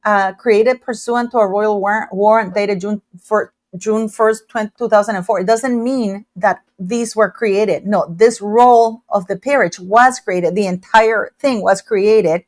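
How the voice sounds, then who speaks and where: A woman hosts a casual livestream, speaking loudly and emphatically as she chats. Her voice sits at a middle pitch. The sound is dry and close, with no room around it. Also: steady tone, unhurried, hardly any pauses, no room sound. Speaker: livestream host. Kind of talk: casual live chat commentary.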